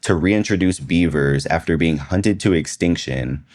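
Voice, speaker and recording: Deep-voiced sarcastic male reviewer. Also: a little slow, darkish tone. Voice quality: sarcastic, exasperated, slangy. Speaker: movie reviewer. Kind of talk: comedic movie review voice-over.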